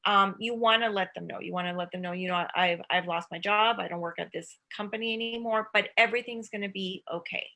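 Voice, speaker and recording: A woman speaking as an expert guest, giving calm parenting advice and acting out what parents and children might say. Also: mid-range voice, fairly quick, hardly any pauses. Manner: acts out child and parent voices. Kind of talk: advice talk.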